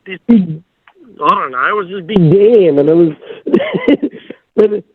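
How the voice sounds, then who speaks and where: A man's voice: sits high, big pitch swings, takes it slowly, phone-quality sound, crowd noise. An Australian man, a motorcycle racer and podcast guest, telling rambling stories with plenty of restarts and acting out what other people said. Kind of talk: casual storytelling on a podcast.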